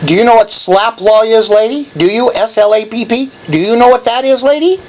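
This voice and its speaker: A very high male voice, a little fast, comes from a man in his seventies phoning an office in anger. He berates and badgers the person answering, and the dull audio carries some hiss or hum.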